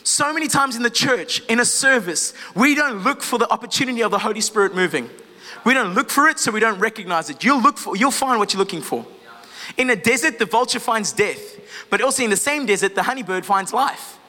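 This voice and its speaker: A man's voice: high-pitched, expressive, a little fast, bright, forceful tone, long reverb tail. A man preaching a sermon in a church service, impassioned, often rising into fervent prayer and checking in with the congregation. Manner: asks the congregation questions, casual asides. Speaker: pastor.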